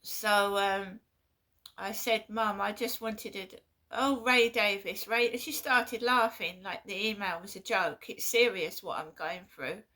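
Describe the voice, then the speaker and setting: A woman vlogging in a casual monologue, halting and repeating herself with an aggrieved tone. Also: mid-range voice, pushed and bright.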